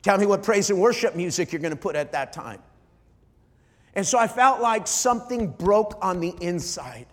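A middle-aged man, a pastor, preaching an emotional sermon, often halting and repeating his starts. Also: high-pitched, lively intonation, big-room sound. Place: large church hall.

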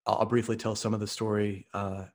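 A man's voice: lowish voice, flat delivery, a little fast. A man from Oklahoma, a podcast guest, telling a story in an earnest, vivid way. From Oklahoma, US Midwest. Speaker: podcast guest, author and speaker. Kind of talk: storytelling in conversation.

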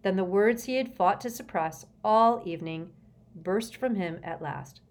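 A woman reading a novel aloud as an audiobook narrator, with expressive storytelling. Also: mid-range voice, a little slow. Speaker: audiobook reader.

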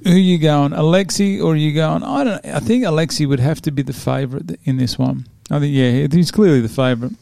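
Man, 40s, relaxed chatty host, gravelly low-toned voice, dry close sound. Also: brisk, hardly any pauses, dry recording. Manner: chatty, laid-back, laughs often. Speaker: podcast host previewing fights. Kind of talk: casual chat.

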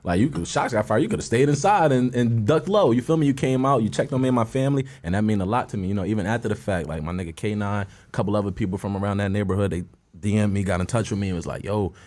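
A man's voice: on the low side, rapid-fire, a little mellow. A man, a guest musician from Philadelphia, telling a story in casual street slang with lots of "you feel me.".

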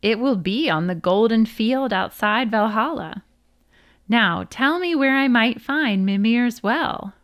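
A woman voicing a calm, determined male god as she reads a storybook aloud. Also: fairly high pitch, slow, no echo, clean studio sound. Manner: calm, earnest.

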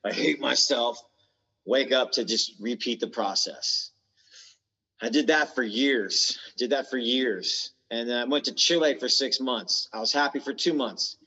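A man's voice: medium pitch, measured pace, sharp tone. A man from the United States, a podcast guest in recovery, telling his story candidly in blunt, slangy talk that swears freely. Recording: dull lo-fi sound with long reverb.

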